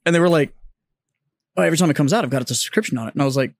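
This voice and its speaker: A man co-hosting a podcast retells encounters in an animated way, with swearing and jokes at his own expense. His voice sits fairly high, and the recording is dry and close. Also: very fast, no room sound. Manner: profane, self-deprecating, animated retelling. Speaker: podcast co-host. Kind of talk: casual chat.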